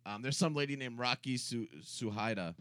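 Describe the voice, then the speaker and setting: A man's voice: mid-range voice, moderate pace, fairly bright tone, dry recording, studio quality. A man co-hosting a casual comedy podcast, rambling through jokes and laughing at his own bits. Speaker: podcast co-host.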